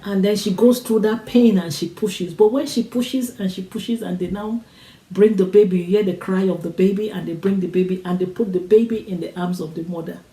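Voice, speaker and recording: This motivational speaker has a warm, steady mid-range voice and a brisk pace. She urges her audience on in a repetitive, preacher-like cadence, heard through rough audio in an echoey room.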